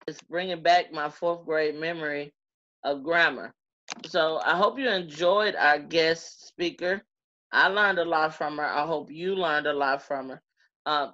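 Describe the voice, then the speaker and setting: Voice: medium pitch, pushed and bright. A classroom teacher wrapping up a lesson for students in a chatty, upbeat way, with fillers. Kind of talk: casual wrap-up to students. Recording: dull lo-fi sound.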